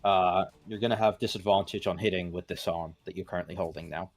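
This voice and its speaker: Low-voiced man running a tabletop game. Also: little pitch movement, fast talker, faint music behind. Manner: casual, profane, hesitant fillers. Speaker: game master.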